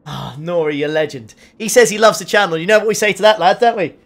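Man, young, raised pitch, casual stream talk, chatting to viewers while racing, desk condenser mic. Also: fast. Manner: chatty, reads out and answers chat messages while driving. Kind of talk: casual live-stream commentary. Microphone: desk USB condenser mic.

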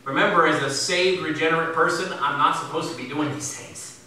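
Male pastor, sermon delivery, emphatic bursts dropping to near-murmurs; slightly high, sharp voice. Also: brisk, slight background noise. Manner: swings from loud emphatic bursts to low quiet asides. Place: church sanctuary. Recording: very echoey church from far off.

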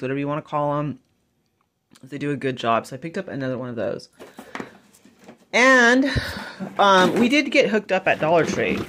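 This woman vlogger is bubbly and chatty, gushing over the finds in her shopping haul. Her voice is low-pitched with a fairly bright tone, and a little hiss or hum sits under it.

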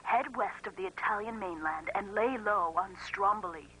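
A woman gives clues for a TV game show in a brisk, matter-of-fact way. Her voice is bright and tense. A faint hiss sits behind her. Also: medium pitch, rough recording. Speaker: clue giver. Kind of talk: scripted TV clue reading.

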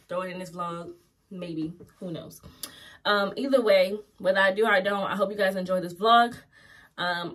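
A young adult woman talking casually to her vlog audience about her plans for the day, loose and chatty with plenty of "um" and "y'all". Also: medium pitch. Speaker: vlogger. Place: at home, then out running errands. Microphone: phone or camera held close.

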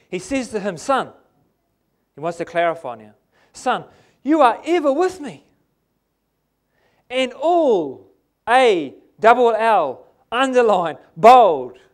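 A man with a New Zealand accent preaching a sermon in a church, emphatic and asking the congregation "amen?". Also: extremely high pitch.

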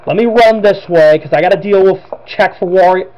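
A man's voice: high voice, brisk, darkish tone, dull audio, a little hiss or hum. A man giving chatty let's-play commentary, who laughs a lot and apologizes for his own voices. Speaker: gameplay commentator.

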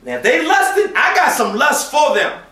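A man giving a Friday sermon, switching between shouted acted-out voices and hushed, quiet passages. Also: very high voice, big pitch swings, moderate pace. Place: mosque prayer hall. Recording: echoey room from a distance.

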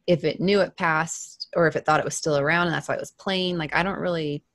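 A woman's voice: low-pitched, steady tone, brisk, a bit bright. A woman podcast guest chatting casually, musing and hedging her thoughts. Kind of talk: casual chat.

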